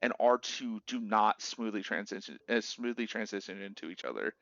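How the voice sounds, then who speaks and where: A man's voice: lowish voice, moderate pace, gravelly, dry recording. A young man streaming, casually chatting about a video game and acting out quotes in different voices. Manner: animated storyteller, acts out quotes in voices. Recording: dull lo-fi dry mic.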